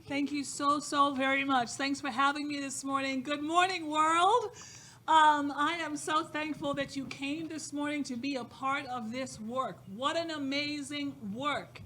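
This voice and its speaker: A woman's voice: high voice, steady tone, unhurried, pushed and bright. A woman who founded a youth program gives an emphatic, inspirational speech from an event stage, repeating phrases for emphasis. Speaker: nonprofit founder speaking at a fundraiser. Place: event stage with a live audience.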